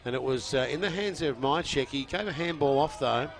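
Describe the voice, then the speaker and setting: A man giving energetic play-by-play of a football match on radio, pushing louder on the big moments. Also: medium pitch, brisk, vocal fry. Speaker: co-commentator. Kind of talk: radio sports commentary.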